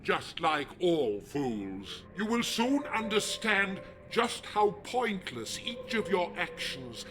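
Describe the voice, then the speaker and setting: A man voicing a megalomaniac male leader of a druid order in a video game, talking in a slow, menacing, pompous way. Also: high-pitched, fairly bright tone, a little hiss or hum, heavily acted. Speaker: game villain.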